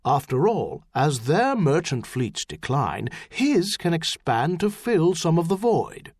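A man's voice: on the high side, very animated, slow, a little mellow, no room sound, exaggerated voice. A man reading an audiobook, voicing a pious, earnest treasurer who explains things urgently. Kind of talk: audiobook character voice.

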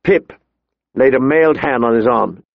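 A male narrator reads a story in a steady, measured way, his voice carrying a gravelly, creaky texture. The recording is very dry and slightly dull, as if close-miked in a treated booth. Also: mid-range voice, no echo. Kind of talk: audiobook narration.

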